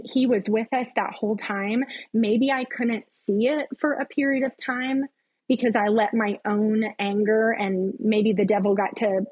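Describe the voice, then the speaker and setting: Slow, husky-voiced woman sharing her story. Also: mid-range voice, a little mellow, muffled recording. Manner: earnest, heartfelt storytelling. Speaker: podcast guest. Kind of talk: personal faith testimony.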